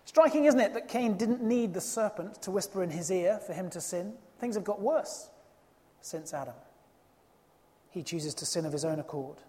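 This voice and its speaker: A preacher giving an emphatic sermon, voice at a middling pitch, ringing out with a long hall reverb. The delivery is expressive and leans on rhetorical questions to drive points home. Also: normal speed.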